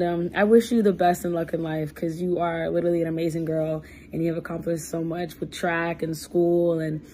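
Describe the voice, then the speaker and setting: A woman's voice: fairly low pitch, mellow, a little hiss or hum. A woman recording a casual, slangy congratulations message as an older cousin, laughing between lines.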